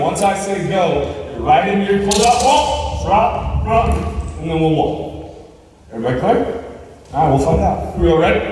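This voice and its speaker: Guy running a basketball drill, shouting quick commands, big echoey gym, mic far away. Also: high-pitched, slight background noise. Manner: calls out short commands and praise. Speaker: basketball coach. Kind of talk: coaching a drill on court. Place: large gym.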